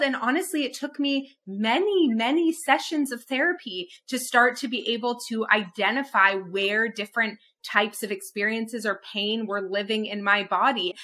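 Bright-voiced woman host asking questions. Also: medium pitch. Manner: attentive, thoughtful questions. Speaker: podcast host. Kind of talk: interviewing.

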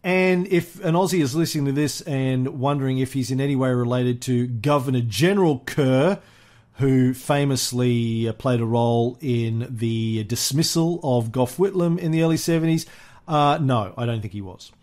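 A man's voice: medium pitch, moderate pace, darkish tone. A man hosting a history podcast, telling the story in a chatty, casual way with frequent fillers and easy laughs. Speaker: podcast host.

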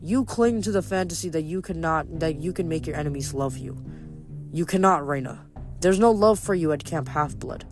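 A reader voicing a boastful male giant hunter who talks in a smooth, persuasive way. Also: medium pitch, moderate pace, soft background music, close to an everyday voice. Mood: smooth menace.

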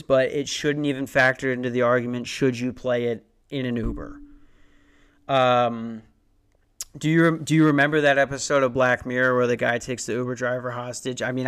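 A man's voice: medium pitch, a bit bright, smooth. A young man hosting a comedy podcast, ranting and rambling with lots of profanity and restarts. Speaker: podcast host.

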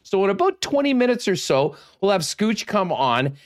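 A man hosting a sports talk show, energetic and loose, saying he is losing his voice. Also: high voice, moderate pace. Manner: energetic, loose, with many fillers. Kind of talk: casual radio sports talk.

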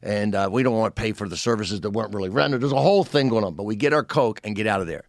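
A man in his sixties with a lowish, gravelly voice talks rapid-fire in a clean studio recording with no room sound. He's a comedian guest on a podcast, an animated storyteller spinning a long tale in casual chat and acting out the lines of the people in it.

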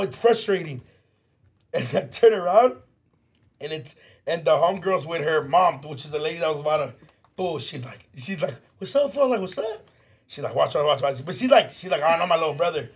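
Animated high-voiced Los man. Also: a little fast, vocal fry, breathy edge. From Los Angeles. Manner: animated storyteller, swears freely, mixes in Spanish slang. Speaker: podcast co-host. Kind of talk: casual storytelling chat.

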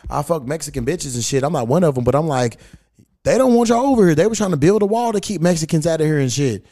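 A man's voice: fairly high pitch, big pitch swings, quick pace, warm tone, no echo, studio quality. A man hosting a podcast in casual chat, talking bluntly and profanely. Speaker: podcast host.

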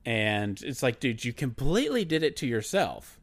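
A man co-hosting a casual sports podcast, animated and mocking, laughing as he talks. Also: medium pitch, moderate pace. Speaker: podcast co-host.

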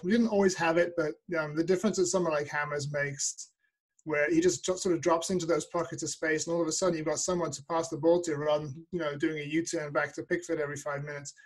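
A man guest on a football podcast call, thoughtful and measured, with many ums. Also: fairly high pitch, low-quality recording. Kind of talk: casual football podcast chat.

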